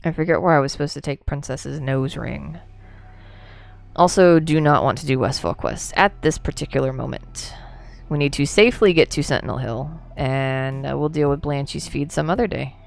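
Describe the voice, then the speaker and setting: Chatty gravelly-voiced game streamer. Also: mid-range voice, normal speed. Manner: chatty, rambling, answers chat, laughs often. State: drinking. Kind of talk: casual chat while livestreaming a game.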